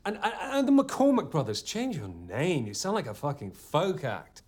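Brief: a blunt, dismissive music boss who swoops wildly in pitch. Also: huge pitch swings, moderate pace, darkish tone, a little hiss or hum. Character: brusque, profane music executive. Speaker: music executive in a film scene.

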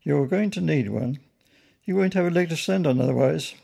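A man's voice: a little high, expressive, fairly quick, vocal fry, dark tone, husky, full character voice. A man voicing a weary, stern middle-aged policeman with a dry, officious manner.

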